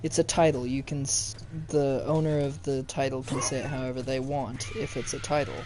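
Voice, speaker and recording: A man's voice: mid-range voice, little pitch movement, moderate pace, over music. A young man giving casual let's-play commentary, chatting and joking with his viewers as he plays. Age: young adult. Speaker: gaming youtuber.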